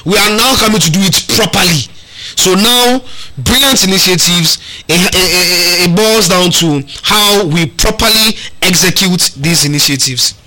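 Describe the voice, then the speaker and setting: A man's voice: high voice, moderate pace, pushed and bright, rough recording. A man, co-hosting a sports talk show and arguing his points emphatically, often repeating words. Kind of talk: animated radio sports debate.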